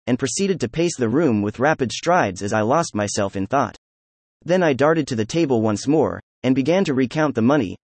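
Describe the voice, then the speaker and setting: Steady male audiobook narrator, dry sound. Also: mid-range voice, dry recording. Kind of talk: scripted narration.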